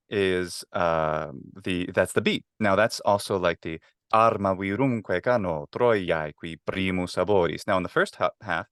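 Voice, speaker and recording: A man's voice: low-pitched, fairly bright tone, clean tone, no room sound, clean studio sound. A man being interviewed about Latin, talking eagerly in a casual way, with many fillers and restarts. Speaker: guest, Latin teacher.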